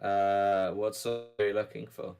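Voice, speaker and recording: A man acting as game master on an online call, relaxed and teasing, rambling through rules. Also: on the low side, a little slow, clear, resonant tone. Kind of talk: casual online tabletop session chat.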